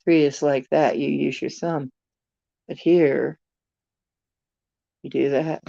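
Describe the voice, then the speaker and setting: A woman's voice: sits low, steady tone, slow, gravelly, warm tone, dry recording, dull audio. A woman from the United States hosting a casual live stream, musing aloud and answering viewer comments. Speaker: channel host chatting with viewers.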